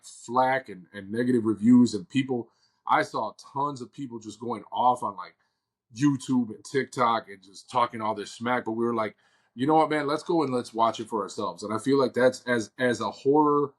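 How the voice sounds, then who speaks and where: A man co-hosting a paranormal podcast, talking in a laid-back, casual way full of fillers. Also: medium pitch. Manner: laid-back, uses filler like "dude" and "you know". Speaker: podcast co-host. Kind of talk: casual chat.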